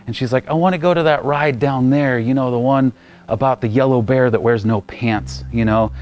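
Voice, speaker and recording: A man in his thirties preaching a sermon as pastor, telling stories and acting out the voices, loud one moment and nearly whispering the next. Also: medium pitch, normal speed. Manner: animated storyteller acting out voices, ranging from loud to near whisper. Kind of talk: sermon with personal storytelling.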